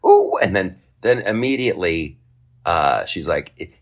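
A man hosting a podcast, telling a comic story in a casual, profane way and jumping into high mocking voices for other people. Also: huge pitch swings, a little slow. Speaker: podcast host.

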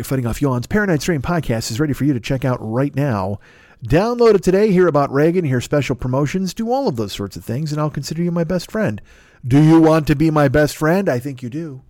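A middle-aged man hosting a podcast, ranting comedically in a profane, excitable way that swings between loud and quiet. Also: mid-range voice, no room sound, studio quality. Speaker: podcast host. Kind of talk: comedic rant.

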